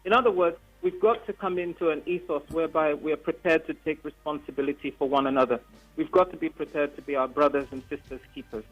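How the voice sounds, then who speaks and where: A man with a somewhat high voice joins the panel over a remote link, earnest and persuasive and filling his pauses with ums. The line sounds dull and lo-fi, with faint music in the background. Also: fairly even intonation. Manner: earnest, persuasive, with many fillers. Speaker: panel guest.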